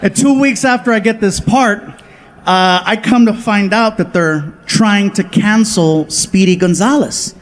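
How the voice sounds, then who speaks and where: A man doing stand-up, telling stories in an animated way and jumping into quick voices for the people in them. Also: high voice, slight background noise. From Southern California. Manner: animated, acts out family and friends in quick voice switches. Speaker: stand-up comedian. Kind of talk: stand-up storytelling. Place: comedy stage before a live audience.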